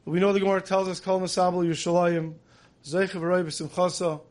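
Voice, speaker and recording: A man's voice: high-pitched, little pitch movement, fast, darkish tone. A man giving a sermon, telling stories in an earnest way that builds emotion. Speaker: religious teacher.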